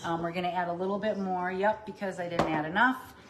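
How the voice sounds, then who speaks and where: A woman's voice: lowish voice, fairly even intonation, a little fast, background noise. A woman coaching viewers on plant-based eating in a casual cooking livestream, upbeat and chatty while she chops and cooks in a kitchen. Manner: upbeat and chatty, addresses viewers as "you guys"; talks while chopping and cooking.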